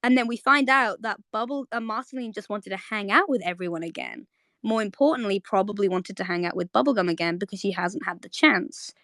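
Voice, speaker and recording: A woman hosting a live audio chat, casually retelling a cartoon episode as an excited fan who keeps asking "right?". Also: mid-range voice, fairly quick, no echo. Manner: chatty, fan-excited, many fillers and "right?".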